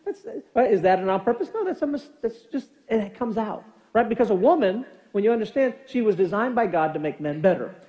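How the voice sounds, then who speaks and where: A middle-aged man preaching a sermon as pastor, telling animated family stories and acting out quoted lines. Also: high-pitched, a little fast, hardly any pauses. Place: church sanctuary. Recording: long church hall reverb.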